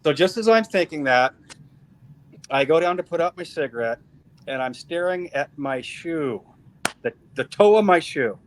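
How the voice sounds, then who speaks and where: A man's voice: fairly high pitch, animated, moderate pace, a little hiss or hum, low-quality recording. Emphatic middle-aged man telling a story. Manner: emphatic storytelling with repeated phrases. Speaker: interview guest. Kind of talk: personal faith testimony.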